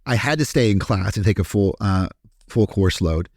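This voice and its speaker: Podcast guest from Kentucky, low-pitched man, animated and profane, dry close sound. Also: normal speed, no room sound. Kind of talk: casual storytelling interview.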